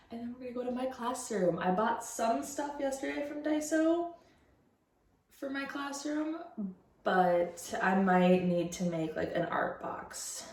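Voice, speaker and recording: A young woman, a grade two teacher, chatting casually in a vlog and rambling with lots of fillers. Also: fairly low pitch.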